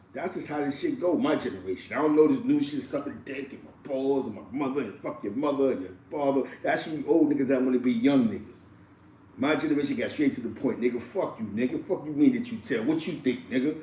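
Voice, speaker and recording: A man hosting street commentary, profane and animated, laughing often. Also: medium pitch, brisk, echoey room, recorded from a distance, slight background noise, poor audio. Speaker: commentary host.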